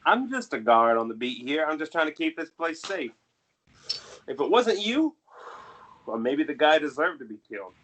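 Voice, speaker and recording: A man doing a wary city guard interrogating a suspect during a tabletop game, probing and coaxing, with a formal "sir". His voice sits fairly high and moves lively. He presses steadily with questions. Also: moderate pace, slight background noise.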